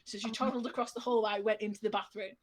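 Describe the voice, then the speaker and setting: A woman's voice: medium pitch, fast talker. A woman casually telling a funny anecdote on a stream, often laughing as she talks. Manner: laughs through her story, lively retelling. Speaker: storyteller on a stream.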